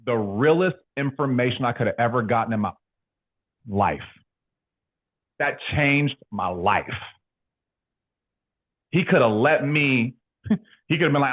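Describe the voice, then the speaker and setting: Young man from California coaching insurance agents, animated, slangy, thin lo-fi sound. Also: mid-range voice, a little slow, long pauses, breathy edge. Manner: animated storyteller, slangy, laughs a lot. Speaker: insurance sales trainer. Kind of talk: motivational team talk. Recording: tinny phone-like sound.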